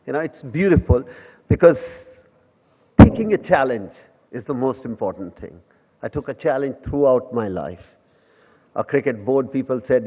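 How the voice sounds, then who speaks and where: A man's voice: mid-range voice, expressive, moderate pace, long pauses, slight background noise. An Indian man in his fifties tells stories from a lectern in a big echoing hall. The sound is thin and tinny, as if heard over a phone line. He speaks with an Indian English accent, mocks himself cheerfully and mixes in Hindi phrases. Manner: anecdotal and self-mocking, slipping into Hindi. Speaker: guest lecturer. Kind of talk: humorous public lecture. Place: lecture hall.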